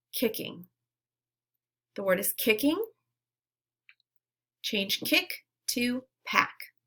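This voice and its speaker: With a sharp tone at medium pitch, a woman encourages young children through phonics, pronouncing word prompts slowly and clearly and leaving pauses for repetition.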